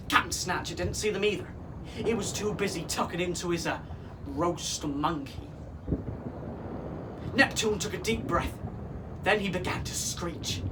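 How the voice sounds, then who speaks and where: A man reading a children's pirate story aloud in a lively, expressive way. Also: high-pitched. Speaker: children's show performer. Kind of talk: storybook narration for kids. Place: theatre. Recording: distant mic with faint noise.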